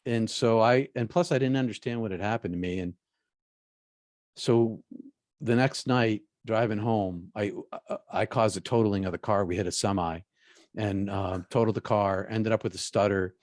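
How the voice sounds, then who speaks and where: A man, a guest in an interview, telling a personal story in a halting way, often repeating his words. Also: lowish voice, darkish tone, no echo, clean studio sound.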